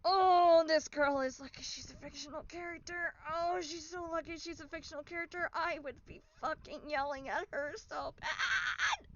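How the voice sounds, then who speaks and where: A woman streamer playing a game, reacting out loud and swearing a lot. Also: sits high, fairly even intonation, moderate pace, muffled recording, a little hiss or hum. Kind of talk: let's-play commentary.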